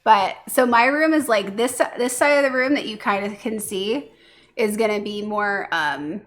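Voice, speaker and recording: A woman streaming casually, chatting with viewers and cooing softly to her pet between thoughts. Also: medium pitch, moderate pace. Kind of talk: casual livestream chat.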